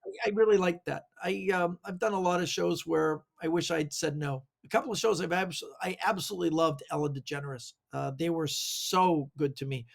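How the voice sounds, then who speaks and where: A man, a guest magician, telling animated anecdotes in a casual interview over a video call. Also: a little high, normal speed, gravelly. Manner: animated anecdotes with quoted voices. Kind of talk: casual storytelling.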